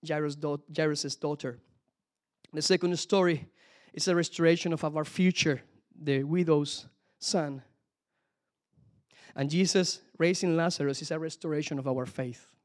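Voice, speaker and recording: A man preaching a sermon, telling the story with lively asides that swing from hushed to loud and emphatic. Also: on the high side, unhurried. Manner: lively, talks to the congregation directly with frequent asides.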